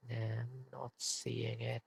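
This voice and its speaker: A young man streaming late at night, in a whispered role-play hush, quiet and hesitant with many fillers as he signs off. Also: medium pitch, monotone, takes it slowly, vocal fry, slightly rough.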